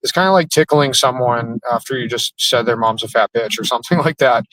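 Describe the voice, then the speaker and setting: A comedian guest telling a long casual story, rambling with constant "like" fillers. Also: male voice, medium pitch, a little fast, a bit bright, no echo, poor audio.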